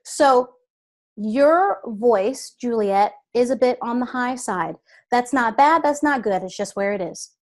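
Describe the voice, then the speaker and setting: Woman voice coach, a bit high, patient and deliberate, guest on an interview. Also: lively intonation. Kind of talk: instructive interview talk.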